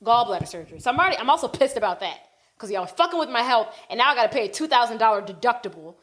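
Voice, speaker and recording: A woman's voice: fairly high pitch, very fast. Fired-up woman ranting. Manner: animated, profane ranting. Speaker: podcast co-host. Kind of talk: casual podcast storytelling.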